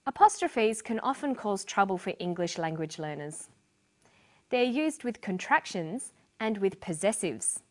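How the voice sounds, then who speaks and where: A woman narrating a scripted English lesson as a teacher, speaking clearly and deliberately. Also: medium pitch, lively intonation.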